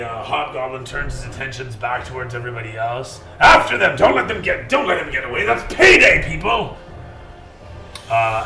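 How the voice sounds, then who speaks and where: Gravelly-voiced man running a tabletop game. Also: medium pitch. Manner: casual, swears often, fills with "uh". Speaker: dungeon master. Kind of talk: narrating a tabletop game with shouted character voices. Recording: echoey room from far off, music behind.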